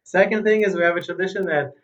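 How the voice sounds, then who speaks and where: A man's voice: high voice, quick pace, fairly bright tone. A man teaching an informal religious lesson as a rabbi, telling stories and repeating phrases for emphasis. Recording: dull, muffled recording.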